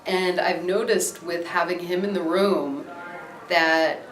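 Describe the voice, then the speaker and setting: A woman's voice: on the low side, fairly even intonation, slow. A young adult woman from Maryland, talking casually in a documentary interview with lots of fillers and easy laughter. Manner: casual, chatty, many fillers, laughs easily. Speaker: interviewee, dog owner. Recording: echoey room.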